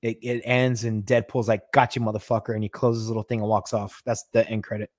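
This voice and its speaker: A man co-hosting a podcast in casual chat, animated and quick to stumble and restart, swearing freely as he talks. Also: fairly low pitch, no room sound, clean studio sound. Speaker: podcast co-host. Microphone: podcast mic.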